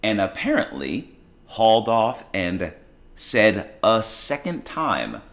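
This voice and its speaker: A man's voice: on the low side, very animated, slow, a bit bright. A man hosting his own show, telling a blunt, exasperated story about a customer at the restaurant where he works. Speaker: podcast host and restaurant worker. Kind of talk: casual storytelling monologue.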